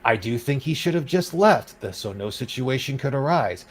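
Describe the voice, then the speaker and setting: Guy hosting a chatty podcast, rants a lot, mid-pitched voice, sarcastic when he quotes people. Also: expressive, moderate pace, slight background noise, rough recording. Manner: ranting, reads out quotes with sarcasm. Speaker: podcast host. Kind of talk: casual podcast chat.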